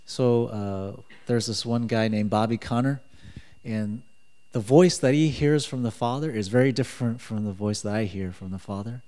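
A man preaching a sermon in a relaxed, conversational way, joking and chuckling as he talks. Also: medium pitch.

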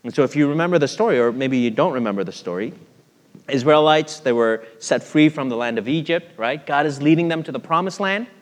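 A man's voice: fairly high pitch, expressive, fairly quick. A male pastor preaching a sermon in a conversational, storytelling way, often asking his listeners questions. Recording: long hall reverb.

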